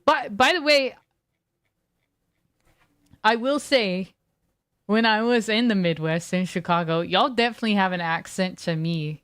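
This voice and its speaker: A woman's voice: mid-range voice, a little slow, pauses often, a bit bright, clear, resonant tone. A woman streamer chatting casually with her viewers, reading chat aloud and riffing on it in a laid-back way.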